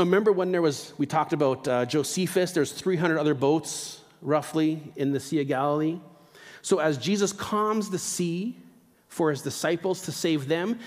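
Preaching in a large, roomy-sounding space, this male pastor keeps things relaxed and chatty. He emphasizes important ideas by slowing down and lowering his voice.

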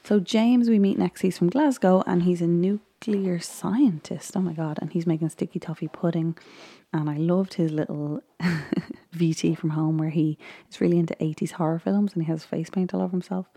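A woman's voice: on the low side, fairly even intonation, moderate pace, dark tone. A woman vlogger chatting casually as she recaps a baking show, rambling with frequent ums and little laughs. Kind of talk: casual chat.

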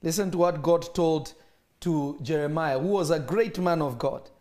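A man preaching a sermon, telling a story and acting out the voices in an animated way. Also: a little high, moderate pace.

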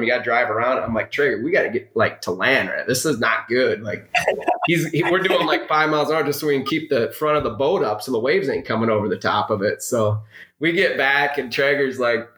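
Podcast guest, male, middle pitch, chatty storyteller, roomy echo. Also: a little fast. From Minnesota. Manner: rambling, animated anecdote with quoted dialogue. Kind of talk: casual storytelling.

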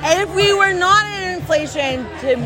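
A woman co-hosting a podcast, bantering loudly and swearing through casual chat. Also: extremely high pitch, normal speed. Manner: loud, swearing, joking banter. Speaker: podcast co-host. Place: bar. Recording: noisy bar with music and crowd. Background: music and crowd chatter.

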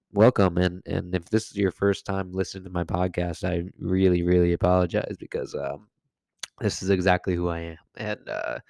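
A man's voice: deep voice, gravelly, no echo. A man hosting his own health and wellness podcast alone in his apartment, talking casually in a goofy, self-mocking way and laughing often. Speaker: podcast host and health coach. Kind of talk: casual solo podcast monologue.

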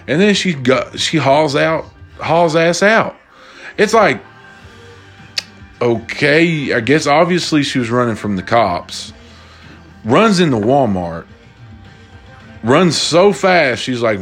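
A young man rants through casual stories, profane and exasperated, retelling them in an animated way. His mid-range voice moves a little slowly with long pauses, and soft music plays in the background.

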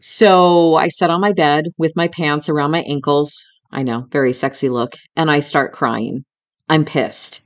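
Speaking at a measured pace in a low, steady tone, a middle-aged woman hosts a podcast. Her personal story comes out candid and emotional, peppered with swearing, and she speaks directly to the listener as a friend would.

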